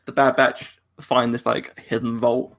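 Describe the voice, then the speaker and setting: A man's voice: medium pitch, flat delivery, measured pace, vocal fry, a bit bright. A man co-hosting a live-streamed fan podcast in casual chat. He rambles, laughs often and restarts his sentences. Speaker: podcast co-host.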